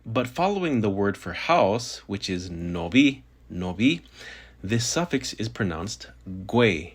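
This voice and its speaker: A man giving a scripted language lesson, saying each example word slowly and repeating it twice. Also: fairly low pitch, very animated, slightly rough. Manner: slow, deliberate, repeats example words twice. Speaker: language teacher.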